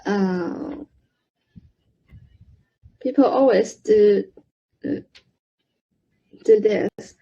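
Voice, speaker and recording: A woman learning a language, talking haltingly with many restarts and fillers over a video call. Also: mid-range voice, vocal fry, dark tone, highs cut off. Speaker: language student. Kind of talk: halting spoken practice.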